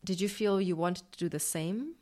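A woman interviewer asking calm, measured questions about someone's voice. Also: fairly low pitch.

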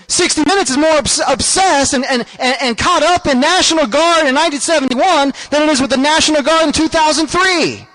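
A man's voice: extremely high pitch, a bit bright. A man hosting a show, delivering a rambling, stammering, indignant comic rant. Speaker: radio show host. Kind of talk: comic ranting monologue.

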